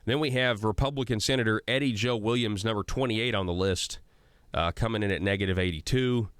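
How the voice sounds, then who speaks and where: A man's voice: on the low side, brisk, fairly bright tone, smooth, no room sound, clean studio sound. A man hosting a political talk radio show, reading through a ranking list and commenting in a conversational way with frequent fillers and restarts.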